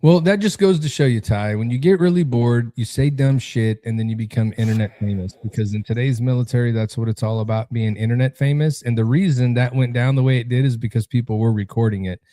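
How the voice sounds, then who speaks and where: A man hosting a veterans podcast with a dark, mellow voice. He rants bluntly and freely swears in casual chat, recorded dry and close. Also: mid-range voice, fast talker, hardly any pauses, dry recording. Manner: blunt, profane, animated ranting. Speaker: podcast host.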